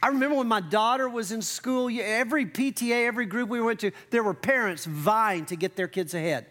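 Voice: mid-range voice, a little fast, a bit bright. A pastor preaching a sermon in a conversational, emphatic way, acting out quoted lines.

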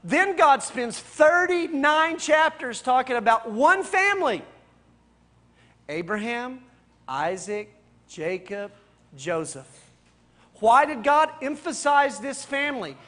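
A man's voice: extremely high pitch, big pitch swings, takes it slowly, long pauses, pushed and bright. A man, a pastor, teaching a Bible study, firing off rhetorical questions, repeating key points and speaking straight to his listeners in a casual way. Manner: addresses listeners directly and casually.

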